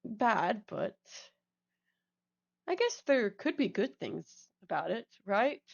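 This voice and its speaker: A woman's voice: fairly high pitch, very animated, takes it slowly, vocal fry. Giggly, rambling woman on a muffled recording. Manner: rambling, giggly, self-correcting. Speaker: roleplay partner. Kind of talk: casual chat during voice roleplay.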